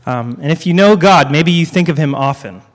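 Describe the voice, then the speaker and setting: A man's voice: fairly high pitch, animated. Emphatic male preacher in a reverberant hall. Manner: emphatic, repeats key lines with dramatic pauses; joking asides to the congregation. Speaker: guest preacher. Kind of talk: sermon.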